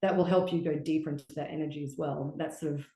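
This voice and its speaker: This is a woman chatting as a podcast guest. Her voice sits slightly low, and she talks with expressive, lively energy, often acting out little quoted voices. The sound is echoey, as if she is in a bare room. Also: quick pace. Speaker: podcast guest, relationship coach. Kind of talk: casual podcast conversation.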